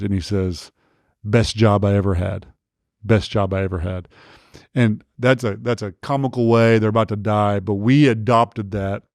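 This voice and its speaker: A man's voice: on the low side, a little mellow, dry recording, clean studio sound. A man hosting a leadership podcast, speaking earnestly and urgently, repeating his points and checking in with "okay?". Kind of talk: motivational podcast monologue.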